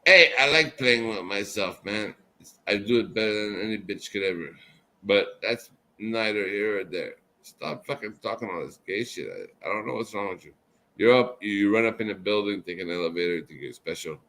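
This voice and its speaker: A man's voice: on the low side, expressive, normal speed. Drunk, rambling man hosting a chat. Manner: profane, rambling, swings between loud outbursts and mumbling. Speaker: show host.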